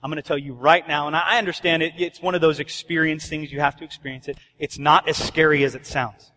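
A man's voice: a little high, fairly even intonation, quick pace, hardly any pauses, sharp tone, in a large hall. A man preaching a sermon as pastor, urgent and conversational, often acting out bits of dialogue. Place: church sanctuary.

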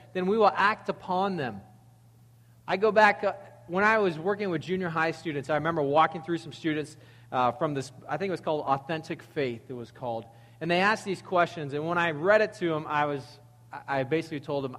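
Male pastor, casual and animated sermon delivery, slightly high voice, echoing sanctuary. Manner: conversational, animated preaching with acted-out quotes.

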